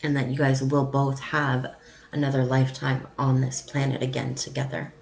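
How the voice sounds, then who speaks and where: A woman psychic medium giving a live-streamed reading in a soft, halting delivery with frequent pauses and ums. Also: a bass voice, little pitch movement, vocal fry, slight background noise, poor audio.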